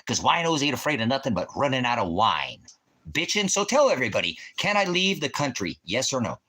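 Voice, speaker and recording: A man's voice: medium pitch, sing-song, brisk, bright, forceful tone, breathy edge. A man hosting a livestream, hurling profane, confrontational accusations at a viewer in the chat. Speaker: livestream host, veteran.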